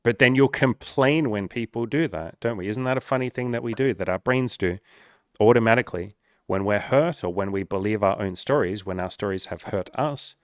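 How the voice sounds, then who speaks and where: Male life coach, lowish voice, dry close sound, frank and swearing. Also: fairly quick, no room sound. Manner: earnest, swears often, acts out quoted voices. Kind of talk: casual talking-to-camera advice.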